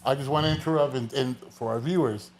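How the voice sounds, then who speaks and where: A man hosting a casual interview podcast, who talks haltingly, restarts often and searches for his words. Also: medium pitch, a crowd in the background. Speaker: podcast host.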